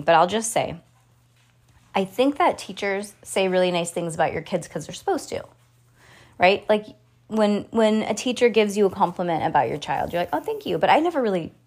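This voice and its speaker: A mother in her thirties hosts a podcast, chatting with her child and reading a children's book aloud in a giggly, talkative way. She has a mid-range, a little mellow voice.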